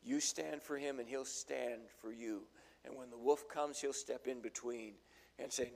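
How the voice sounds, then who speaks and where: A man's voice: medium pitch, measured pace, gravelly, a little mellow. An older man preaching a sermon in a folksy, storytelling way, acting out the voices in his stories. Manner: folksy storytelling, acts out quotes. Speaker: pastor.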